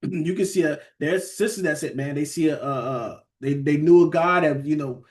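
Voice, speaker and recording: A man's voice: a little high, moderate pace. A man teaching a Bible study, conversational, often asking "right?" and reading verses aloud.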